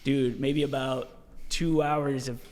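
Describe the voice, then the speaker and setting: A man telling a story as a podcast guest, in a casual, animated way, swearing freely and restarting his sentences often. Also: mid-range voice, slow pace. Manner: animated, profane, many restarts and "dude". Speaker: podcast guest, ultra-marathon runner.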